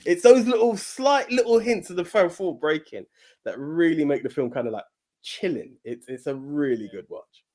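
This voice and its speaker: A man's voice: fairly high pitch, moderate pace. Stammering podcast host man. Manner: animated retelling, stammering repeats, swears casually. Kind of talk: casual podcast chat.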